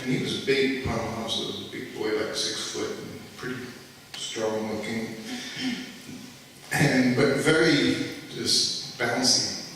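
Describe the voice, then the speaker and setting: A man's voice: mid-range voice, unhurried, bright, forceful tone, a little hiss or hum. A man casually telling a long anecdote to an audience, rambling with lots of "you know" and laughing along as he goes. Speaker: storyteller recounting memories at a festival. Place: large indoor festival hall. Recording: roomy hall, voice from far off.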